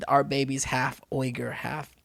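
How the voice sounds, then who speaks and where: A man chatting as a podcast guest, telling stories lively and acting out the people he quotes. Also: medium pitch, measured pace, gravelly, dry recording. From United States. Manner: lively storyteller who acts out quoted people. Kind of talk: casual interview chat.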